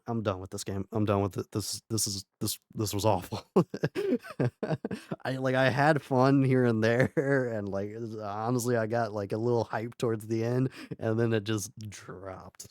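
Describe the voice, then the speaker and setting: A young man wrapping up a live game stream, rambling and swearing, breaking into laughing yells as he rants about the ending. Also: fairly low pitch, dry recording, studio quality. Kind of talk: casual live-stream wrap-up commentary.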